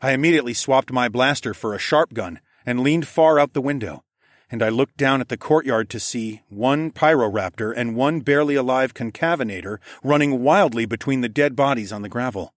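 Man narrating in a dry, steady voice. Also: medium pitch, brisk, dry recording. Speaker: audiobook narrator. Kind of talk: first-person scripted narration.

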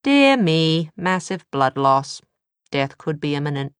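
A woman's voice: low voice, sing-song, unhurried, clear, resonant tone, no echo. A woman voicing a cheerful, flippant young British man with a dry, mocking manner, read from a novel. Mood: teasing. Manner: teasing, dryly mocking.

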